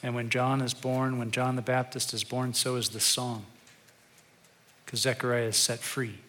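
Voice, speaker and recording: A male pastor giving a sermon in a conversational, storytelling way, turning quiet and reflective at times. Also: mid-range voice, little pitch movement, normal speed.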